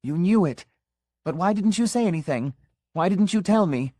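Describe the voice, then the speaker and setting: A man's voice: high voice, lively intonation, normal speed, dark tone, dry recording, pitched above the performer's own voice. A man doing a flustered, cracking-voiced pastor. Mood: protesting. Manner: voice rising and cracking in protest. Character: flustered middle-aged male missionary pastor.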